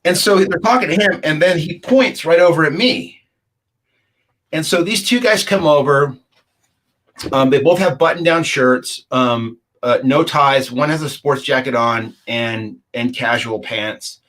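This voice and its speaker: A man's voice: fairly high pitch, measured pace, a bit bright. A middle-aged man, a guest, recounting a personal encounter in casual, rambling storytelling and acting out the other people's lines. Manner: rambling, acts out the dialogue of others.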